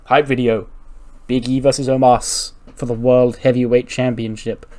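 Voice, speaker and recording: A man's voice: medium pitch, flat delivery, moderate pace, dark tone. Casually swearing man narrating a game. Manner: swears freely, laughs, rambling. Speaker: gaming channel host. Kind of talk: casual let's-play narration.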